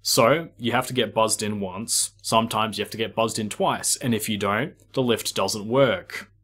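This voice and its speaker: A man's voice: on the low side, steady tone, normal speed, a bit bright. A young man, a pizza delivery driver, telling stories in a rambling, profane, exasperated rant. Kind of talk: casual ranting storytelling.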